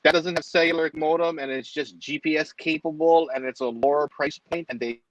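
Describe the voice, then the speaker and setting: A man's voice: a little high, steady tone, brisk, dull audio, a little hiss or hum. A man co-hosting a casual podcast, arguing his point and stammering as he starts.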